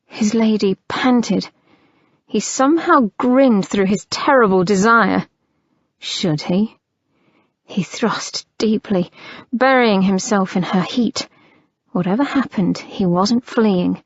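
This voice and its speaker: A woman narrating an audiobook in a measured, unhurried reading, on a slightly muffled recording. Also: mid-range voice, no echo.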